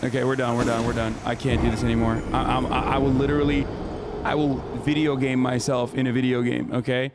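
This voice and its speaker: A man streaming a video game and chatting with viewers, hoarse from screaming, frustrated and swearing, often restarting his sentences. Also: mid-range voice, flat delivery, fairly quick, very noisy. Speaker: live streamer. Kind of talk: casual gaming stream chat.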